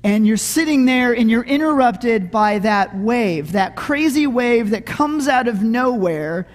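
A man's voice: very high-pitched, animated, measured pace. A middle-aged man preaching a sermon, telling a funny story in a conversational way and often asking "right?". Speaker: pastor. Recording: echoey hall.

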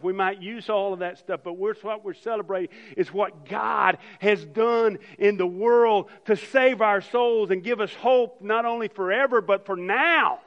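A man preaching an Easter sermon as pastor, swinging from loud emphasis to soft, hushed lines. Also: high voice, in a large hall, muffled recording.

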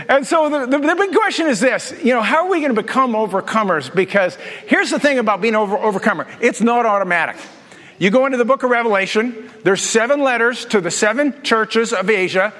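A man's voice: high voice, fairly bright tone, big-room sound. A man preaching as a pastor, joking and asking his congregation questions in a conversational way. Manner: humorous, conversational, asks the audience questions. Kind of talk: sermon. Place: church.

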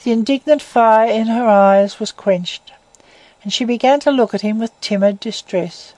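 A woman reading a classic novel aloud as narrator in a measured, even way. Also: on the high side, dry recording, low-quality recording.

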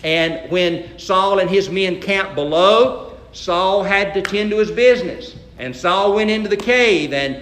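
A man's voice: high voice, a bit bright, roomy sound. A male pastor preaching a sermon, retelling a Bible story in a folksy way and acting out the quotes.

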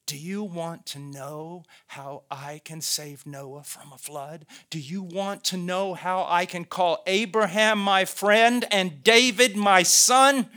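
God speaks calmly and solemnly, as a male preacher puts him on. The delivery is measured and unhurried, slightly hushed, with a bit of a raised pitch. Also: heavily acted.

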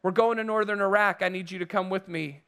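A preacher voicing a rough-around-the-edges contractor who speaks bluntly and abruptly. The pitch stays high, close to the teller's own. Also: male voice, steady tone, fast, a bit bright. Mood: curt. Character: gruff, rough-edged male military contractor.

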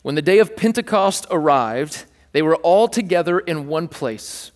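High-voiced pastor in a reverberant hall. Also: male voice, normal speed. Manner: playful and animated, jokes with the congregation. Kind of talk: sermon. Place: church hall with a live audience.

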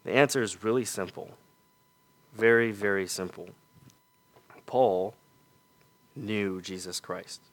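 A male preacher delivering a sermon in a low voice. He talks slowly and deliberately and asks his listeners one rhetorical question after another. On his key points his voice falls soft and quiet. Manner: earnest, rhetorical questions, drops to soft emphatic lows.

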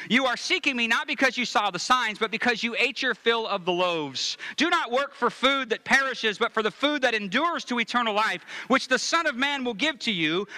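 A man preaching a sermon, reading scripture and speaking straight to the congregation, dropping to hushed low passages and rising to emphatic ones. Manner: reads scripture aloud and comments on it directly to the congregation. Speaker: pastor.

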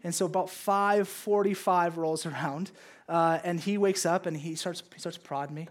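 A man's voice: sits high, moderate pace. A man in his thirties preaching a casual sermon to a congregation, playfully acting out his kids and God in raised voices. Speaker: pastor. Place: church service with congregation.

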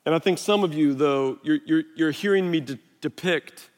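A middle-aged man, a pastor on a body mic, preaching a sermon in a relaxed, conversational way and telling stories against himself. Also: on the high side, moderate pace. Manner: conversational, self-deprecating storytelling. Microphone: wireless body mic. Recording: long hall reverb.

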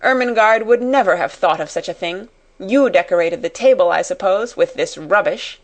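A woman voicing a harsh headmistress who scolds and commands, her voice loud and cutting. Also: mid-range voice, expressive, moderate pace, lightly acted. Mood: furious.

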